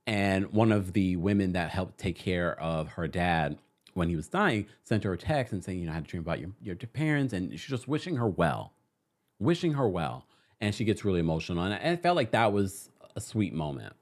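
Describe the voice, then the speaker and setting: Guy chatting about a reality show, lively voice that jumps up and down, acts out what people said. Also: sits low, a little fast. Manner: animated, acts out quotes, reads viewer comments. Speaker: reality TV recap host. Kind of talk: casual chat to viewers.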